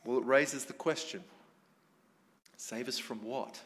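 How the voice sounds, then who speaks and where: A man's voice: medium pitch, takes it slowly, a bit bright. A man preaching a sermon to a congregation in a conversational way, often asking them questions. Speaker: pastor. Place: church hall with congregation. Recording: long hall reverb.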